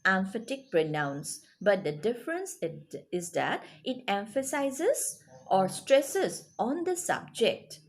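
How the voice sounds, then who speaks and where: A woman with a mid-range voice and big swings in pitch teaches children a grammar lesson, speaking slowly. She explains patiently and checks in with rising "yes?" and "okay?".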